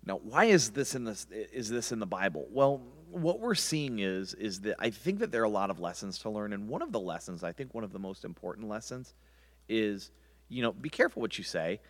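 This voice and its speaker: Brief: male Bible teacher, lowish voice, animated delivery, casual and rambling. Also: brisk. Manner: rambling, conversational, many restarts.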